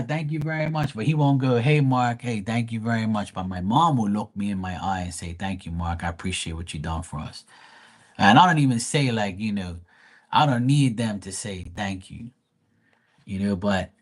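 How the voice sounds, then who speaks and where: A middle-aged man hosts a casual livestream in a somewhat low voice. He talks bluntly and curses often. When he quotes his relatives, he slips into little imitations of them. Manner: blunt and profane, swearing freely; mimics family members in quoted voices. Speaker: livestream host.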